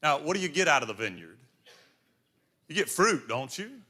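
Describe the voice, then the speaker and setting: A man's voice: a little high, big pitch swings, normal speed, pushed and bright. A middle-aged man preaching a sermon in a church, telling stories and acting out voices in quotes. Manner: storytelling, acts out voices in quotes.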